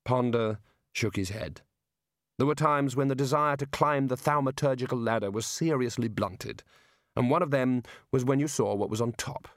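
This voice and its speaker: A man's voice: mid-range voice, moderate pace, no room sound. A man narrating an audiobook in a dry, understated storytelling manner. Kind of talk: scripted narration.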